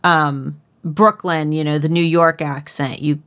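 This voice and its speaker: A woman's voice: low-pitched, steady tone, unhurried, a bit bright. A woman from Ohio co-hosting a book podcast, talking casually with rambling restarts and fillers. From Ohio, USA. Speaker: podcast co-host. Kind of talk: casual book-discussion chat.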